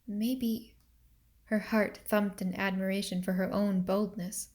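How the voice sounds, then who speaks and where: A woman narrating a novel excerpt for students in a calm, deliberate reading. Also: medium pitch.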